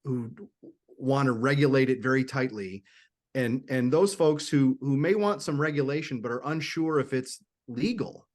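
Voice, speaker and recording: A man's voice: mid-range voice, moderate pace, a little mellow. A man hosts a panel talk, thinking aloud with plenty of false starts and repeated words. He stays conversational and unsure while he passes along questions from viewers. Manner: hesitant, many restarts and repeated words. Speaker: host.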